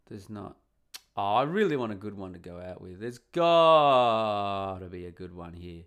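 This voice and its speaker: Smooth low-voiced man hosting a podcast. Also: big pitch swings, unhurried, a bit bright. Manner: rambling, hums and mutters while searching. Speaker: podcast host. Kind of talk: casual podcast chat.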